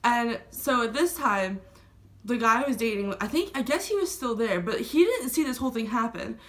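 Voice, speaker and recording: Her voice is fairly high and fairly bright, with lively intonation and a moderate pace. She's a young adult vlogger rambling through a story casually, dropping "like" into almost every phrase.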